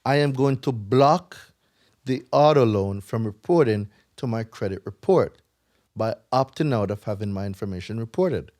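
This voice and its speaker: A man's voice: on the low side, lively intonation, normal speed, darkish tone. A man with a Jamaican accent, a guest on a casual podcast, explaining credit repair in an emphatic, lecturing way and swearing freely.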